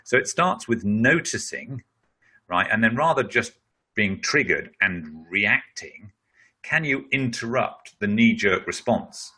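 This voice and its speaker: A middle-aged man speaking in a webinar, taking a question and working through the answer at a conversational pace. His voice is bright and a little husky, and it sits somewhat low. He leans on frequent fillers as he explains. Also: expressive, slow. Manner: explanatory, conversational, with many "you know" fillers. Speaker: speaker on leadership.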